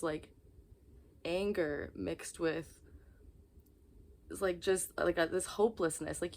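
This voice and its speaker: A woman's voice: fairly low pitch, creaky, slight background noise. A young woman talking to camera in a confessional vlog, exhausted, candid and rambling. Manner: candid, rambling, emotionally raw. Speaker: vlogger.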